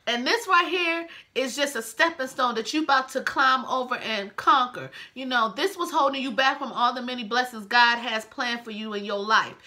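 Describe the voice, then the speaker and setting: A woman voicing a calm, comforting nurse who speaks in a soothing, reassuring way. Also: on the high side, normal speed, hardly any pauses.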